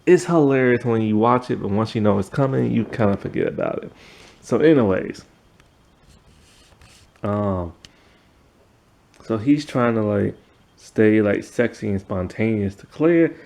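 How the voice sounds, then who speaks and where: A man's voice: lowish voice, expressive, a little slow, gravelly, long pauses, a little mellow. A man recapping a TV episode in a casual, rambling way, full of fillers. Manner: rambling, filler-heavy retelling. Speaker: TV episode reviewer.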